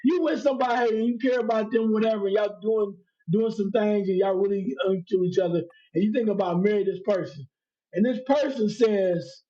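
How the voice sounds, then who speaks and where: A man co-hosting a casual podcast chat, ranting loudly and laughing as he talks. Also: sits high, fairly quick, lo-fi sound. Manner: animated, loud ranting with laughter. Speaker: podcast co-host.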